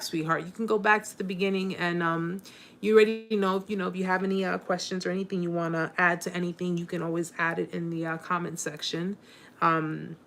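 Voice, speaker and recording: With a lowish voice, a woman chats casually with viewers on a live stream. Her manner is warm and encouraging, she shows her emotions openly, and her speech wanders with frequent fillers and false starts.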